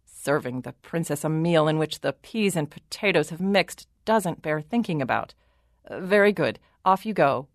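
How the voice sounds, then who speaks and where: A woman's voice: sits low, lively intonation, normal speed, dry recording, clean studio sound. A woman voicing a bewildered king who mutters and hesitates, trying to look in control. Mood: flustered. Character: flustered, bewildered middle-aged storybook king.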